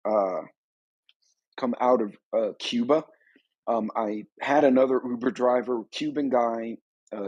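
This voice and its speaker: A man's voice: mid-range voice, a little mellow, slightly rough, no room sound, poor audio. A man hosting a live stream on a preparedness channel, giving rambling, conversational commentary on current events.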